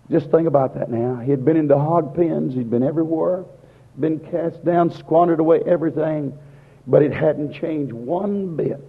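A male preacher delivering an impassioned, repetitive sermon that swings between hushed and loud. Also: on the high side, moderate pace, slightly rough. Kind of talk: fervent sermon. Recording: lo-fi recording in a reverberant hall.

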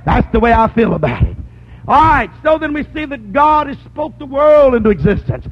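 A male preacher with a strikingly high voice delivers a sermon, stretching out key lines and rising into shouts. He keeps asking his listeners whether they agree. The recording sounds dull and lo-fi. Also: very animated, normal speed. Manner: asks the congregation for agreement.

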